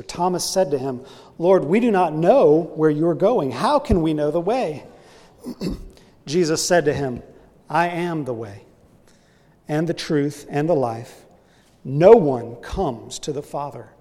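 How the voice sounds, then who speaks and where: A man's voice: a little high, darkish tone, big-room sound. A man preaching an expository sermon. He explains in an emphatic teaching manner and poses rhetorical questions.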